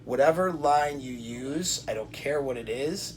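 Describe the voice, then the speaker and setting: Man giving deliberate coaching advice. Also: mid-range voice. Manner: deliberate, coaching, repeats himself, restarts. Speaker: self-help coach. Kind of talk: direct-to-camera advice talk.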